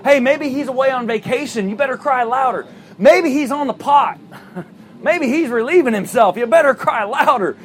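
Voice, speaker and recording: Preacher guy doing a sarcastic prophet mocking the other side, pitched way up. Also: animated, moderate pace, slight background noise. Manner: sarcastic, teasing. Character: mocking bold male prophet taunting rivals.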